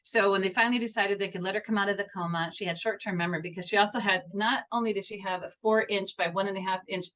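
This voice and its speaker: A woman's voice: medium pitch, steady tone, quick pace, hardly any pauses, a bit bright. A middle-aged woman guesting on a podcast as a homeopath, telling a story earnestly with lots of restarts.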